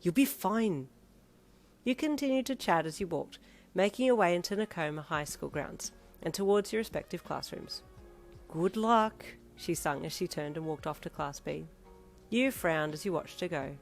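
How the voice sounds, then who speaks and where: A woman's voice: low voice, lively intonation, normal speed, gravelly, soft background music. A woman narrating a fan fiction audiobook expressively in second person.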